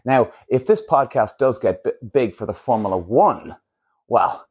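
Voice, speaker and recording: A man's voice: medium pitch, big pitch swings, measured pace, darkish tone, slightly rough. A man hosting a casual solo podcast, talking bluntly and swearing freely as he rants. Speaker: podcast host.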